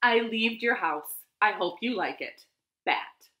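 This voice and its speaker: A woman's voice: medium pitch, lively intonation, takes it slowly, bright, forceful tone. A woman voicing an easygoing, sleepy male bat in a read-aloud picture book, in a cheerful sing-song manner, in a living room.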